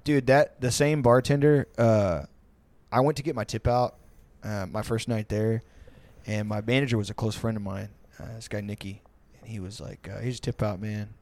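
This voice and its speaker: A man's voice: fairly low pitch, steady tone, normal speed, darkish tone. A man on a podcast telling stories in a loose, rambling way, full of swearing and fillers, and slipping into mocking voices for the people in them. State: tipsy. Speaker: podcast host. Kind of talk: casual storytelling.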